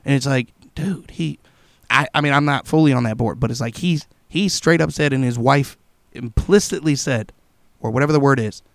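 A young man in casual chat, telling profane, animated stories and acting out what people said. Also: mid-range voice, normal speed, vocal fry, no echo. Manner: profane, animated storytelling with acted-out quotes.

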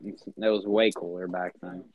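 A man's voice: low-pitched, flat delivery, moderate pace, dry recording, dull audio. A man co-hosting a casual podcast chat, telling stories animatedly and tagging his lines with "okay?". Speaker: podcast co-host.

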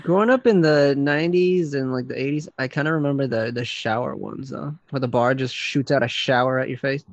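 A woman co-hosting a casual podcast, jumping in with quick reactions and questions. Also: extremely low pitch, no room sound, lo-fi sound. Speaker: podcast co-host. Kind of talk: casual chat.

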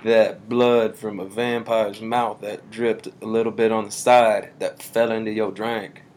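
A man's voice: lowish voice, level tone, measured pace, a little mellow. A man co-hosting a podcast in casual chat, laid-back and joking, often laughing. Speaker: podcast co-host.

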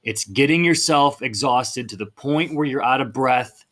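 A man's voice: medium pitch, normal speed, fairly bright tone. A man hosting a fitness podcast in a blunt, fired-up monologue, swearing casually as he talks.

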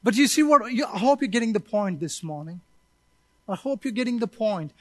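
A man preaching a sermon, his voice unusually high and very dry on a close mic. He is emphatic and keeps calling out to the congregation for answers. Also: brisk, a little mellow, no room sound. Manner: emphatic, calls out to the congregation for responses. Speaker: pastor. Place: church service.

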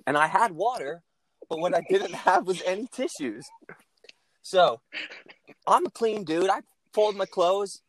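Man, laid-back storyteller, slightly high voice, very animated pitch, chuckles often. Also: a little slow, pauses often. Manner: laughs often while telling the story. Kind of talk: casual storytelling.

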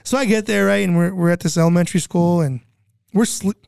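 A man's voice: high voice, fairly even intonation, fast, gravelly, darkish tone, clean tone, no room sound, clean studio sound. A middle-aged man from California telling a story in casual chat, rambling and repeating himself, acting out other people's voices. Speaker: guest recounting flood relief work.

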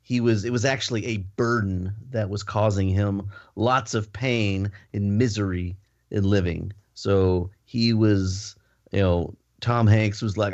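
A man's voice: lowish voice, steady tone, unhurried, a little mellow, lo-fi sound. A man co-hosting a podcast, reading an ad playfully and chatting with some hesitation. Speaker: podcast co-host reading ads. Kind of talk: casual chat.

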